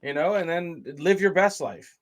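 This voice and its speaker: A man's voice: on the high side, animated, normal speed. A man co-hosting a reaction video, joking in laid-back slang. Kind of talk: casual reaction chat.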